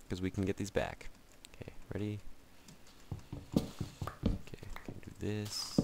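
Speaking slowly with a creaky, darkish, fairly low voice and long pauses, a man gives casual let's-play commentary. He jokes at his own expense and mutters to himself and the game in a rambling way, over slight background noise.

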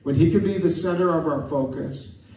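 A male pastor delivers a folksy sermon, trading jokes and little stories and asking for amens. His voice sits a bit high. He is picked up from a distance in a church with heavy echo. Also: moderate pace, gravelly, a little mellow. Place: church sanctuary. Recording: echoey church from a distant mic.

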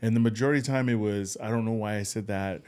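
A man co-hosting a podcast, chatting casually and backing his partner up with steady agreement as he recounts moments. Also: fairly low pitch, racing. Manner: affirming, frequent backchannel agreement. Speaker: podcast co-host. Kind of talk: casual chat.

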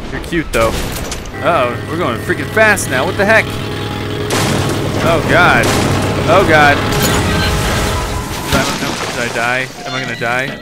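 A young man giving jokey let's play commentary, yelping and shouting at the game. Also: medium pitch, animated, a little fast, over loud music. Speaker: gaming YouTuber.

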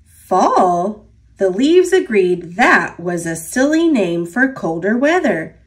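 A woman reading a children's picture book aloud in a gentle, expressive narrating voice. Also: mid-range voice, a little slow. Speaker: storybook reader.

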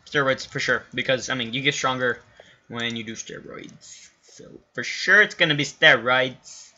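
A young man narrating his own game playthrough, chatting casually and flaring into excited shouts and swearing. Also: mid-range voice, moderate pace. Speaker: gamer. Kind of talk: Let's Play commentary. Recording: lo-fi home recording.

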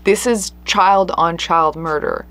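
A woman's voice: on the low side, slow pace, a bit bright. A woman hosting a true crime show, telling a case in an earnest, conversational way with emphatic stresses. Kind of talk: casual true crime storytelling.

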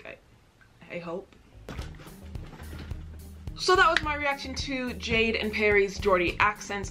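A young woman from the United States hosting a reaction video, chatty and self-mocking, laughing easily. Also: medium pitch. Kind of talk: casual reaction commentary.

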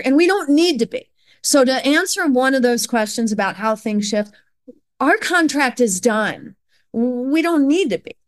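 A woman in her forties speaks as a podcast guest, telling her story earnestly and with emphasis. She slips into quoted dialogue to act out what others said. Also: mid-range voice. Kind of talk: conversational storytelling.

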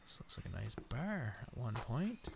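With a mid-range voice that swings widely in pitch, a man talks at a normal speed while playing a survival game. His let's play chatter, aimed at himself and his audience, is full of swearing, and background noise comes through clearly.

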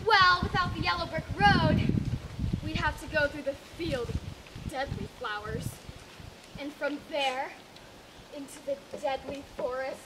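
A woman's voice: high voice, unhurried, heavy background noise. A woman playing a timid, paranoid male lion who panics easily, in an improvised stage comedy scene. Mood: fearful. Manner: jumpy, fretful, suspicious. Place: theatre camp stage.

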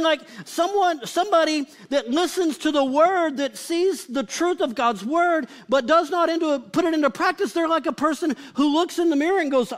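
Man, pastor, live sermon, very high pitch, casual and joking, lots of "like". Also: a little fast, few pauses. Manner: conversational and humorous, with frequent filler "like".

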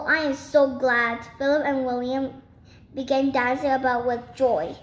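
Woman reading a storybook aloud, steady and careful; echoey room. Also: sits high. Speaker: reader. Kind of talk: reading a children's book aloud. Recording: roomy with faint noise.

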